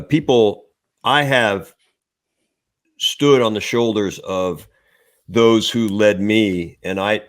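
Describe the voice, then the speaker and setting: A man in his sixties, a retired naval officer, answering interview questions in a reflective, plain-spoken way. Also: fairly low pitch. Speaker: retired admiral guest. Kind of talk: casual interview chat.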